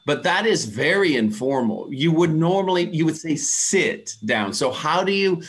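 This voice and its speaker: A man from the USA teaches English pronunciation over a video call. His voice sits a little high, and he explains in a patient, measured way. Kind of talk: answering questions in an online class.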